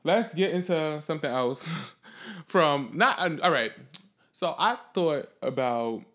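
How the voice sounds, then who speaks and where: A man hosting his own podcast alone, talking off the cuff in a blunt, profane, sassy way, swinging between loud outbursts and low muttering. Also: expressive, slow. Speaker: podcast host. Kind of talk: solo podcast monologue, unscripted.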